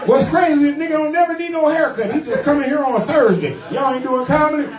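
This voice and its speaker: A man doing a loud, rowdy stand-up roast on a comedy club stage, telling stories with crude slang into a handheld mic. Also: very high-pitched, expressive, fast talker. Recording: echoey room from a distance. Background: laughing crowd.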